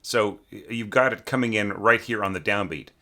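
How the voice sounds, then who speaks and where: A man with a lowish voice but a bright, forceful tone talks through a student's orchestral score. He is relaxed and chatty, with plenty of ums, small laughs and throat clearing. Now and then he sings a rhythm aloud to show a point. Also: moderate pace. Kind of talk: casual spoken lesson.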